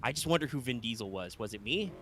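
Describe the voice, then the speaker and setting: A male co-host in casual gaming chat with a bright, forceful voice. He rambles in an animated way, stacks up asides and swears freely, over a faint hiss of background noise. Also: mid-range voice, quick pace. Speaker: podcast co-host.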